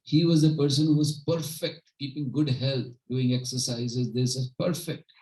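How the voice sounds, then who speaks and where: A man's voice: mid-range voice, fairly even intonation, normal speed, darkish tone, rough recording. A man leading a home gathering, giving an informal devotional talk with stories in an earnest manner and often checking in with his listeners.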